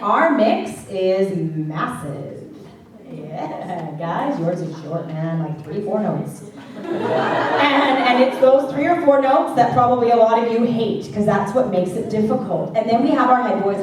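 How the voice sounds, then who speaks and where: A woman's voice: medium pitch, a little mellow. A woman vocal coach teaching a worship singing class, chatty and playful, singing short examples of each point. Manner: demonstrates by singing vocal exercises. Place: classroom or church hall. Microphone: handheld mic. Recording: echoey room from far off, faint background noise.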